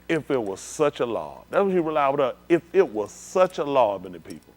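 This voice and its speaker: A man preaching a sermon, animated, swinging between low murmurs and loud exclamations. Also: brisk, hardly any pauses. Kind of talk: sermon with live demonstration. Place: synagogue hall.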